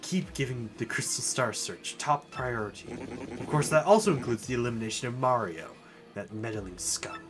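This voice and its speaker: A man's voice: mid-range voice, animated, normal speed, over music, pitched below the performer's own voice, lightly acted. A man voicing a pompous, narcissistic villain leader with a grandiose, menacing delivery during a game playthrough. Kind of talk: let's play voice acting.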